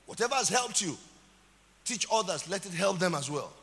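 A man's voice: high voice, expressive, normal speed, a bit bright, long reverb tail. A man with a Nigerian accent, a pastor preaching a sermon with dramatic emphasis and calls out to the congregation.

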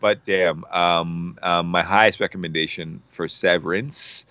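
A man's voice: deep voice, steady tone, measured pace, bright, forceful tone, smooth, no echo, lo-fi sound. A man on a casual podcast, rambling enthusiastically about a TV series with lots of fillers and restarts. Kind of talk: casual show recommendation.

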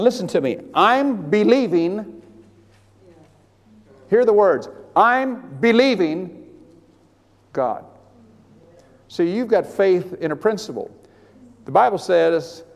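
A man preaching a sermon to a room of listeners, animated, swinging from hushed asides to loud emphatic bursts. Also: high-pitched, vocal fry. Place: large hall with an audience. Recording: long hall reverb.

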